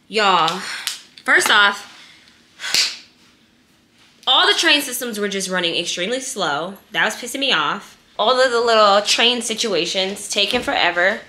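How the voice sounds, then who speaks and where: A woman's voice: mid-range voice, pushed and bright. A young woman vlogging in a casual, chatty way, talking straight to her viewers with lots of fillers. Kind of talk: casual vlog chat.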